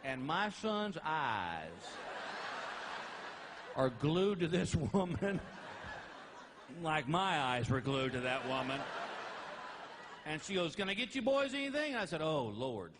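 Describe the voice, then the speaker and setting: A middle-aged man telling stand-up stories about his family in a folksy, animated way, laughing at his own jokes. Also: on the high side, takes it slowly, long pauses. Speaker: stand-up comedian. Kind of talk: stand-up storytelling. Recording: live comedy album with faint noise.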